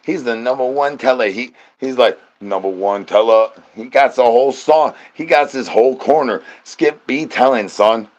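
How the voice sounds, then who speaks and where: Man, livestreamer, rambling chat, nonsense rhymes, goofy slang, mid pitch. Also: moderate pace, hardly any pauses, muffled recording.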